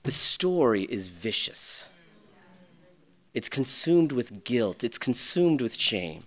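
A middle-aged man preaching a sermon, swinging between loud bursts and hushed lines, with self-deprecating humor. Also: mid-range voice, big pitch swings, slow pace. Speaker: pastor.

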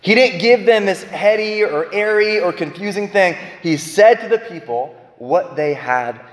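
A man giving a preaching-style Bible talk, emphatic, swinging between loud bursts and quiet low lines. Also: expressive, a little slow, slight background noise. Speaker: Bible teacher. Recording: echoey hall with long reverb.

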